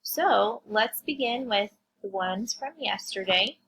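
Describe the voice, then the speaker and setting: A woman teacher reviewing vocabulary and phonics with young children, sounding words out slowly and asking them questions. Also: mid-range voice, a bit bright, a little hiss or hum, low-quality recording. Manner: slow, drawn-out phonics sounding-out, addressing kids.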